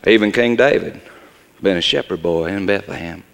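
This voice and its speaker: An actor playing a bitter, joking redneck shepherd with a drawl, performing a theatrical monologue on a stage in a large hall. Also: male voice, normal speed, creaky. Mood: mocking. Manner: folksy drawl, swings from loud mockery to low bitterness. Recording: long reverb of a large hall.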